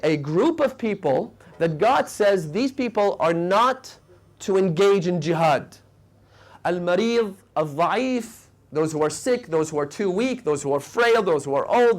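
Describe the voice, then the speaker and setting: A male preacher delivering a lecture in a fairly high voice. He tells stories with feeling, climbing to passionate peaks and then falling to quiet, hushed lines. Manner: storytelling, rising to emotional peaks and dropping to hushed tones. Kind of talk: sermon lecture. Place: mosque lecture hall.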